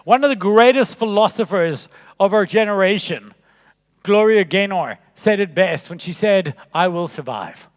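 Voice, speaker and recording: A man with a high voice delivers a conference keynote in a big hall whose long reverb trails after his words. He tells stories in a jokey, animated way and builds each one up to its punchline. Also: normal speed. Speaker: keynote speaker.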